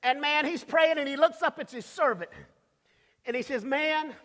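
A male preacher delivering a sermon, emphatic and repetitive, building to shouts, in a church with long reverb. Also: very high voice, moderate pace.

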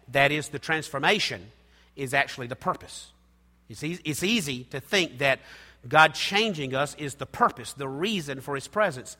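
A middle-aged man preaching a sermon, swinging between soft, intimate passages and loud, emphatic ones. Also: a little high. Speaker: pastor. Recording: long hall reverb.

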